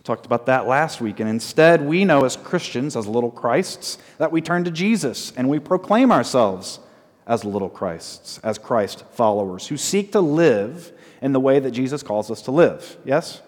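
A male pastor preaches a sermon at a mid-range pitch, often asking his congregation questions. He leans on short repeated phrases, spoken slowly for weight. His voice rings with the long reverb of a church hall. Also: lively intonation, darkish tone. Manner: asks the congregation frequent call-and-response questions.

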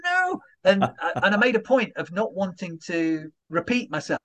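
A man, a comedian guest in an interview, telling stories in an animated way and acting out little voiced asides. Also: high voice, normal speed. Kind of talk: conversational interview.

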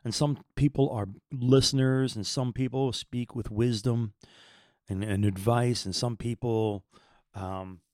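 A man's voice: medium pitch, fairly even intonation, a little slow, darkish tone, dry recording, studio quality. A man in his fifties telling a personal faith story in an earnest, rambling way, often repeating words as he searches for them. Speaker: podcast host.

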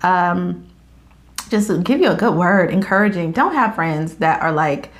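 A woman in her thirties chatting casually about faith, acting out quotes with big jumps in her voice and frequent laughs. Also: measured pace. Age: 30s. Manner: animated storyteller, acts out quotes with big pitch jumps and laughs.

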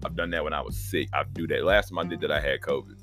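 Man, very deep voice, podcast host, casual rambling monologue, profane and animated. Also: fast talker, faint music behind.

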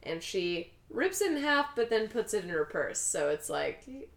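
A woman's voice: mid-range voice, big pitch swings, moderate pace, gravelly, echoey room. A woman co-hosting a casual chat, retelling a story and acting out the characters' lines. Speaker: podcast co-host recapping a film.

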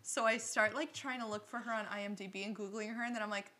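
A woman chatting casually about a reality show, animated, swearing freely and acting out quotes. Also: mid-range voice, fast talker.

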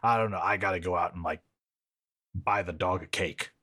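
Lazy detective guy, a man doing the bit, deeper than his own voice, mumbled excuses. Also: moderate pace, sharp tone. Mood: whiny. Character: lazy errand-running male detective, whiny.

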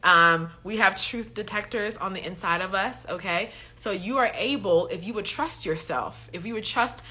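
A woman's voice: medium pitch, normal speed, sharp tone. A woman hosting a faith livestream, teaching casually with lots of fillers and a repeated "okay?" as she answers viewer questions. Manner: chatty, many fillers, preachy emphasis with repeated "okay?".

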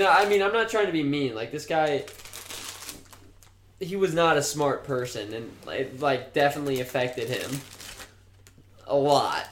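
A young man co-hosting a podcast, telling rambling, profane stories and laughing at them. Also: fairly high pitch. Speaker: podcast co-host. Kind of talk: casual chat, storytelling. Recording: roomy echo.

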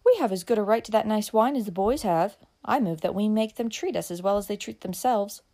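A spirited young society girl from an old novel speaks up loudly and protests, as a woman narrator puts her on. Her voice rises, bright and insistent. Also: mid-range voice, a little fast, close to an everyday voice. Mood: protesting.

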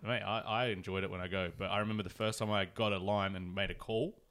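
An Australian man in a casual podcast chat, easygoing and quick to joke. His voice sits on the lower side. He talks loosely, as a guest trading banter with a friend. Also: steady tone, a bit bright.

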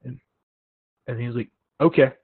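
A young man with a slightly husky voice hosts a casual chat, telling stories with acted-out quotes. The sound is thin and phone-like, close and dry. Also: mid-range voice, measured pace, no echo. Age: young adult. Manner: animated storytelling with acted-out quotes. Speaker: podcast host. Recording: tinny phone-like line, dry.

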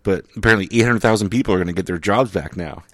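A man with a fairly low voice hosts a podcast, talking casually in a sardonic, profane ramble full of ums and uhs. His voice is close and dry on a studio mic. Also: racing, a bit bright, no echo. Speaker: podcast host. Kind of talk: casual chat. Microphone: studio microphone.

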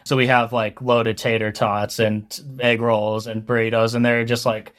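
A man's voice: mid-range voice, level tone, normal speed, fairly bright tone. A young man from Colorado, a food truck owner, chatting loosely in an interview with lots of fillers. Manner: loose, rambling, heavy on fillers. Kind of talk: casual interview chat.

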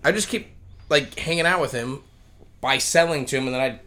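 A young man with a bright, forceful tone talks in a loose, casual way. He swears freely and reacts quickly to his guest. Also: mid-range voice. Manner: laid-back, profane, quick reactions. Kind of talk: casual chat.

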